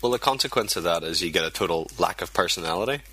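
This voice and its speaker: A man's voice: sits low, lively intonation, fast talker, bright, forceful tone, breathy edge. A man co-hosting a podcast, chatting casually in a rambling way. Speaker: podcast co-host. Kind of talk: casual chat.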